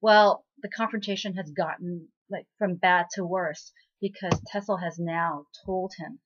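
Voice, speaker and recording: A woman's voice: on the low side, fairly even intonation, measured pace, husky. A woman hosting a casual spoken recap of a drama episode, chatty and full of fillers and asides. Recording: slightly muffled lo-fi recording.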